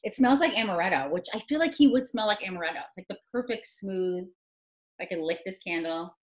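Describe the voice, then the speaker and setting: A woman comedian co-hosting a casual chat, telling a profane, animated story over a video call. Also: mid-range voice, fairly quick, low-quality recording. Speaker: comedian co-host.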